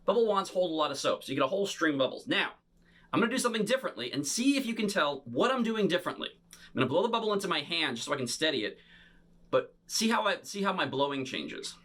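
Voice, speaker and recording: A man's voice: on the high side, quick pace. A man performing an interactive bubble show for children, talking playfully to an unseen young audience. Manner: animated and showy.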